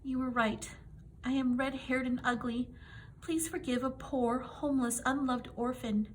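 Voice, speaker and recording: Dramatic red-haired orphan girl a woman puts on, chattery, breathless, gushing, soft and whispery. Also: medium pitch, lively intonation, moderate pace, a little hiss or hum, close to an everyday voice. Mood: pleading, dramatic.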